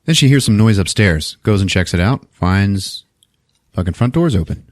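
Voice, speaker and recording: A man retelling a film plot on a podcast, swearing freely and keeping the story rolling. His lowish voice swings widely in pitch. The sound is close and dry. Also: moderate pace, no echo. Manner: profane, animated storytelling with laughs. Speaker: podcast host. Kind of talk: casual movie recap.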